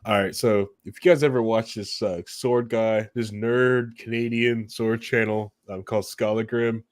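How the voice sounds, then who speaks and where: A man co-hosting a podcast in casual chat, joking and animated. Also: lowish voice, moderate pace, dry recording, studio quality. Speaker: podcast co-host.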